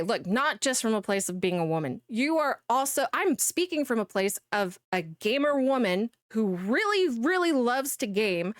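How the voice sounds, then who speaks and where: A young woman delivers blunt, exasperated, profane reaction commentary as a VTuber host. Her voice sits high and swings widely. The sound is dry and close-miked. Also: a bit bright, dry recording.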